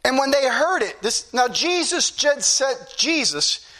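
A man's voice: extremely high pitch, big pitch swings, a little slow, bright, forceful tone. A middle-aged man preaching a fervent sermon, repeating phrases for emphasis.

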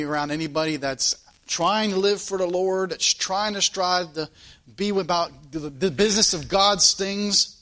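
A male preacher delivers a sermon in a high, bright voice. He talks earnestly, putting question after question to the congregation and circling back over his own phrases. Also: unhurried.

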